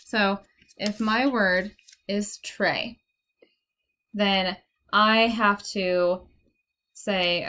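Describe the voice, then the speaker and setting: Young female teacher, mid-pitched, patient and encouraging, talks a student through sounds step by step. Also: flat delivery, drawn-out words, pauses often, pushed and bright, clear, resonant tone. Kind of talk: one-on-one phonics lesson. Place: indoor room, recorded on a computer.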